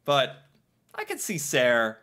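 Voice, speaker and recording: A man in easygoing conversation, his pitch swinging widely as he reacts and muses. His voice is bright and forward, and he laughs often and talks through his thoughts. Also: slow. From United States. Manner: animated, laughs often, thinks aloud. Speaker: co-host. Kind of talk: casual chat about slang.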